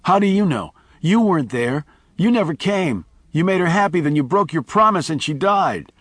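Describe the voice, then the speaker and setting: A man's voice: a little high, expressive, normal speed, fairly bright tone, husky, no room sound, clean studio sound, pitched above the performer's own voice. A man voicing a middle-aged son who whines and sobs like a ten-year-old boy. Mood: petulant. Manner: petulant, sobbing.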